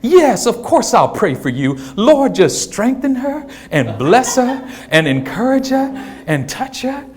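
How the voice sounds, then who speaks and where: A man's voice: very high-pitched, very animated, a little slow, full character voice. Man doing his sweet-then-fierce church mama. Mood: prayerful. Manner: soft coaxing voice that flips to yelling. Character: sweet-talking churchgoing mother, secretly fierce. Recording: live show with audience laughter.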